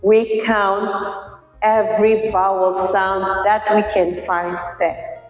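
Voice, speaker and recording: A woman teaching a pronunciation lesson, patiently explaining and slowly repeating words to model their sounds. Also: medium pitch, little pitch movement. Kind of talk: slow, deliberate lesson explanation. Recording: echoey room with long reverb, faint music.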